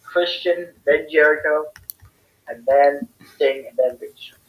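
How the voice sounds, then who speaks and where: A man's voice: a little high, measured pace. Boastful young man on a lo-fi stream. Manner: boastful, playful wrestling-style bragging. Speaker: co-host. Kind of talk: casual podcast chat. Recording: dull lo-fi stream audio.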